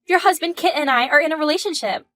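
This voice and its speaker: A woman's voice: high voice, fast talker, pushed and bright, no room sound, voice pushed up. A woman voicing a smug young female student who is the husband's mistress, reading out a text-message story in a taunting, condescending way.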